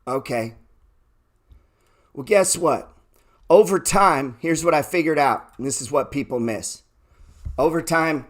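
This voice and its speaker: A man with a fairly high voice giving a fired-up trading talk. He swears freely, asks rhetorical questions, and drops from loud bursts to low murmurs. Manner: profane, emphatic, rhetorical questions. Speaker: trading educator. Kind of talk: motivational talk.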